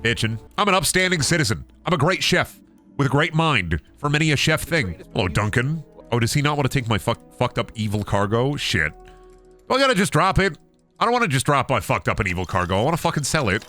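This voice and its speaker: A man's voice: medium pitch, sing-song, fast, pushed and bright, soft background music. Goofy, profane young man streaming a game. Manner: goofy, profane, playful voice swings. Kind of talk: casual gameplay commentary.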